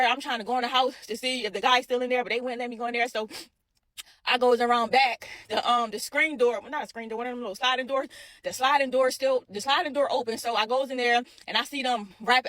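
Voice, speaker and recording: Fast-talking woman telling a story. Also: sits high, dry recording. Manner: animated, repeats herself, addresses viewers as y'all. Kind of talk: casual storytime.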